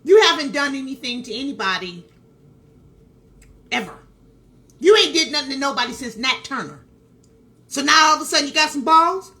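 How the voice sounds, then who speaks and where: A woman's voice: sits high, expressive, normal speed, pauses often, pushed and bright. A woman vlogger telling a story in casual commentary, emphatic, repeating phrases and talking straight to her viewers. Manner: talks straight to viewers with asides.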